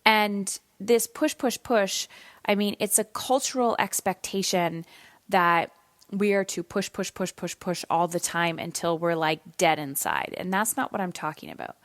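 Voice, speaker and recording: Woman, thirties, solo podcast host; candid, tired, a bit low-pitched, dry close recording. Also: unhurried, no echo. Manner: candid, conversational, with some swearing. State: yawning, tired.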